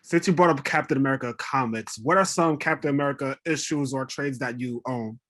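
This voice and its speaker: A man's voice: mid-range voice, brisk, fairly bright tone. A man interviewing an actor, asking questions with many fillers and laughing along.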